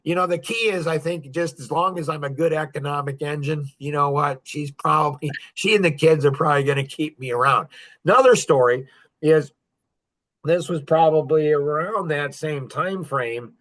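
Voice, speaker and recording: A man's voice: fairly high pitch, normal speed, a bit bright. Boastful man telling stories, laughing. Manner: boastful, joking, laughs often. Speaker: podcast guest. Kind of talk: casual storytelling.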